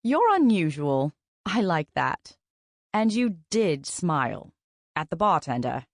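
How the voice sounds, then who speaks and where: A woman's voice: low voice, very animated, slow, no echo, clean studio sound, full character voice. A woman voicing a charming, clipped-accented flirt. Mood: teasing. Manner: teasing, smooth, calls her darling.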